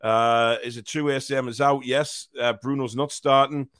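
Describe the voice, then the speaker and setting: A man with a hoarse, croaky voice hosting a live football watch-along, talking in halting, repetitive, exasperated bursts. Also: medium pitch, steady tone, a bit bright, no echo, studio quality. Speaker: host.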